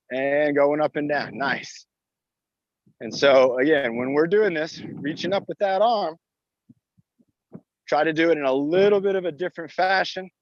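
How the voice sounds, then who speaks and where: Guy coaching a park workout, pretty high voice, talks you thru each rep, dull dry phone audio. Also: no echo. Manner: encouraging, talks through each move while exercising. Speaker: fitness coach. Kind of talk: live outdoor workout class. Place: outdoors in a park.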